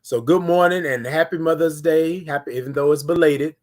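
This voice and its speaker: A man's voice: a little high, brisk. Coaxing man hosting a morning live stream. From Houston, Texas. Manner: repetitive, coaxing call-outs to viewers. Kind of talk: casual live stream chat.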